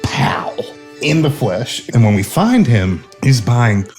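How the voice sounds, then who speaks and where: A man's voice: mid-range voice, sing-song, slow pace, a little mellow, faint music behind. A man narrating a drunk comic retelling of a film, laughing and rambling as he goes. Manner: laughing, rambling, slurring asides.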